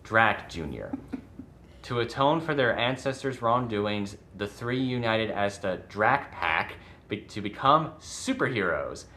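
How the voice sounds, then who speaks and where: A man's voice: medium pitch, expressive, measured pace, pushed and bright, slight background noise. A man co-hosting a podcast in casual chat, rambling a bit as he reads out a show premise. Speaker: podcast co-host.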